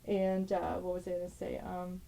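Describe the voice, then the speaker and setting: Middle-aged woman vlogger, warm mellow tone, rambling, tender, quick to laugh. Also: on the low side, completely flat delivery, creaky, rough recording. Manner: rambling, tender, laughs often, broken-off sentences. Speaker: tarot channel host. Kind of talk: casual emotional vlog, showing family photos.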